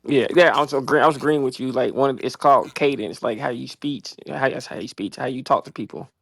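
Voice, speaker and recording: A man on a casual podcast chat cuts in with quick, eager remarks. His voice is gravelly and husky, and it sits at a middle pitch in a dry room. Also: steady tone, fairly bright tone, no echo. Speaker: podcast co-host.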